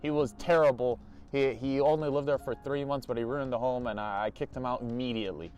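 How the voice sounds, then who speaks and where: Casting note: young man doing an irritated landlord, loud and dismissive. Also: medium pitch, fairly even intonation, brisk, faint music behind, natural voice. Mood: indignant.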